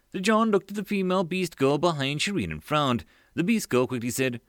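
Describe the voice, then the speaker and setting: A man's voice: mid-range voice, a little fast, hardly any pauses, a bit bright, no room sound, studio quality. A man reading a web-novel audiobook aloud, narrating and voicing every character. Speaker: audiobook reader.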